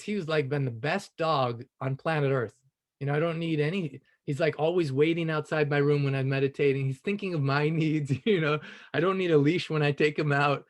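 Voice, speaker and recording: A man sharing a personal story on a group call, earnest and reflective, often adding "you know" and soft laughs. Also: a little high. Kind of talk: casual spoken storytelling.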